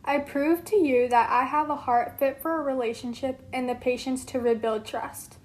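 A woman's voice: high voice, fairly even intonation, moderate pace, lightly acted. A woman voicing Psyche, a young mortal woman, in an amateur read-aloud role-play, reading her lines earnestly.

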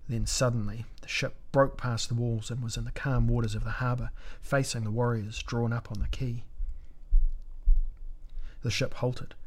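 In a mid-range voice, a man narrates a fantasy battle story as an audiobook, reading in a measured, dramatic way.

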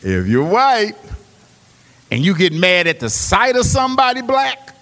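A man preaching a sermon. He swings between hushed, quick storytelling and loud, rising exhortation. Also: high-pitched, wildly swooping pitch, long reverb tail. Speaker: pastor. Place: church.

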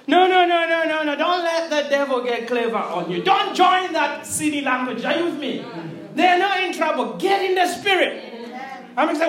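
High-pitched, lively African woman preacher, echoey church sound. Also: a little slow, pauses often. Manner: animated, laughing, calls out to the congregation. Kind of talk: sermon.

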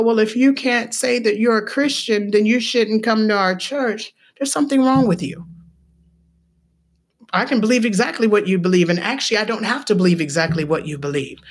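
A woman's voice: mid-range voice, slightly rough. A woman teaching the Bible on a podcast in a casual, emphatic way, firing rhetorical questions and tagging points with "okay?". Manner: ends points with a checking "okay?". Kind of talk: casual preaching.

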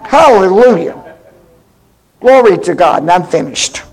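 A woman minister preaching in a prophetic style, fervent and bursting into shouted praise. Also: mid-range voice, measured pace, low-quality recording. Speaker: guest minister.

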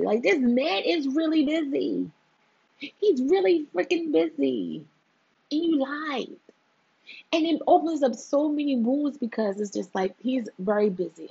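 A woman's voice: fairly high pitch, animated, moderate pace, gravelly, dark tone, breathy edge, dull audio. A woman hosting her own show in a casual monologue, emphatic and fond of repeating her points for effect.

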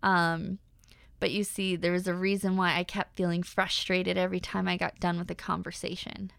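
Smooth-voiced young woman podcast host. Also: lowish voice, moderate pace, no echo. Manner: candid, animated, lots of fillers. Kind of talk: personal podcast monologue.

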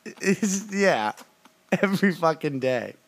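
A man's voice: on the high side, very animated, takes it slowly. A man chatting casually with a co-host, blunt and profane, laughing often and acting out the people he quotes. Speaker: podcast co-host answering a personality quiz. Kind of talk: casual chat.

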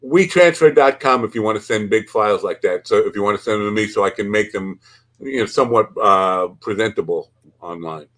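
Low-voiced joking man host. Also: brisk, fairly bright tone. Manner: rambling, joking, crude. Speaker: podcast host. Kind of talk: casual chat.

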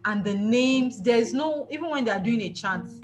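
A woman's voice: on the high side, lively intonation, normal speed, over music. A woman from Nigeria co-hosting a podcast, chatting casually and animatedly about books, laughing often and repeating words for emphasis. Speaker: podcast co-host.

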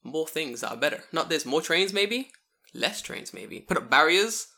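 A man telling stories in a casual podcast chat, animated and full of swearing. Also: on the high side, moderate pace. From English-speaking foreigner living in Japan.

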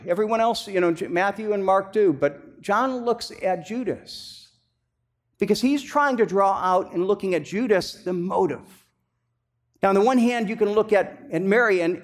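Guy pastor preaching, slightly high voice, chatty and loose, lots of um and restarts, gets emphatic. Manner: conversational, many restarts and fillers, rising to emphatic bursts. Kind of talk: sermon.

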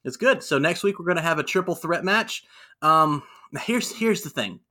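A man chatting casually, retelling events in an excitable, animated way. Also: on the high side, normal speed. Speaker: podcast co-host. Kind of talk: casual recap chat.

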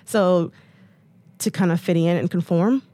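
A female guest in her 30s from the United States tells stories candidly and chattily, using lots of "like"s and "um"s and acting out quotes. Her voice is lowish and dark and a little slow. A close, dry mic leaves no room sound.

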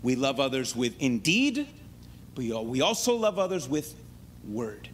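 A man preaching a sermon in an animated way, often checking in with his listeners. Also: medium pitch, normal speed, slight background noise.

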